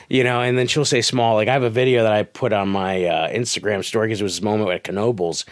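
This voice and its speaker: A man's voice: lowish voice, fairly even intonation, fast, hardly any pauses, no echo, studio quality. A man co-hosting a casual podcast, rambling through parenting stories and acting out what people said. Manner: rambling storyteller, acts out quoted voices animatedly. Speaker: podcast co-host, comedian and dad. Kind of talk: casual chat.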